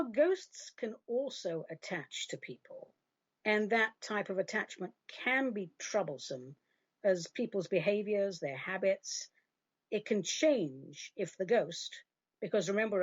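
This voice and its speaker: A woman's voice: mid-range voice, breathy edge, no room sound, highs cut off. A woman hosting a radio advice show, answering listener questions in a chatty, emphatic and opinionated way.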